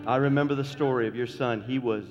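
A man's voice: medium pitch, fairly even intonation, quick pace, a little mellow, in a large hall, lo-fi sound. A middle-aged man preaching a sermon as pastor, folksy and joking, repeating phrases for emphasis.

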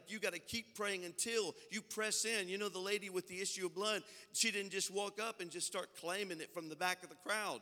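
A man, a senior pastor, preaching a Pentecostal sermon with impassioned fervor and a folksy, storytelling way of talking. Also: high voice. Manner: impassioned preaching that swells into loud, fervent passages; folksy, conversational storytelling between climaxes. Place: church sanctuary. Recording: long hall reverb from a large sanctuary.

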